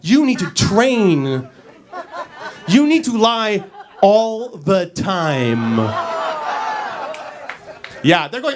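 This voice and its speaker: Man, stand-up comedian, high voice, lively delivery, acts out characters. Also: drawn-out words, pauses often, a crowd in the background.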